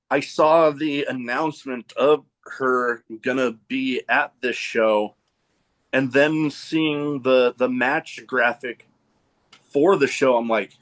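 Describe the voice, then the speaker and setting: Slow, easygoing male podcast host. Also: medium pitch. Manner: easygoing, agreeable, laughs often. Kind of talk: casual podcast chat.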